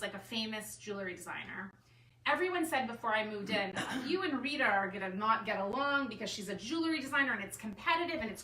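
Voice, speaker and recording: A woman who is an artist and designer, telling a personal story to a group in a chatty, animated way with lots of "like". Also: a little high. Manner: chatty, animated storytelling full of "like" and self-quotes. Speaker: artist and designer speaking at a gathering. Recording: echoey room, mic far off, faint room noise.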